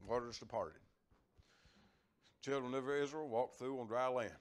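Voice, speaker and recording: A man's voice: mid-range voice, a little slow. An older man delivers a homespun sermon from the pulpit. His speaking voice sits in an ordinary middle register. He stumbles over repeated words and lets out small chuckles as he preaches. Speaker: lay preacher. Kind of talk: folksy sermon.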